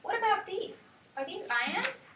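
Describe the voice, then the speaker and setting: Woman teacher, high voice, sing-song on key words, echoey room, distant mic. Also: big pitch swings, normal speed, background noise. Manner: sing-song calling out of words to mark syllable stress. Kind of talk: classroom teaching. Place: classroom. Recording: echoey classroom, mic far off.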